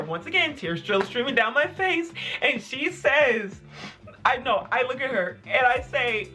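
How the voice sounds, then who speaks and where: A young adult vlogger telling childhood stories in casual, animated chat, full of "like". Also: high voice, unhurried, soft background music. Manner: animated, filler-heavy with frequent "like". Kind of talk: casual storytelling to camera.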